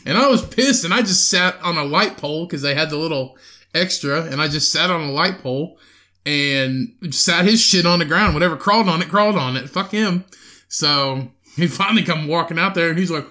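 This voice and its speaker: A young man co-hosting a podcast, telling a profane, animated story in casual chat and acting out the quotes. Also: fairly high pitch, brisk. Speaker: podcast co-host.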